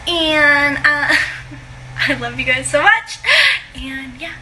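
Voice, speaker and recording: A woman's voice: high-pitched, slow pace, heavy background noise. A young woman chatting casually to her viewers on a livestream from her apartment, laughing often and filling her talk with likes and ums. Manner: giggly, laughs often, filler-heavy chatter. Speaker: online seller hosting a livestream. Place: home apartment.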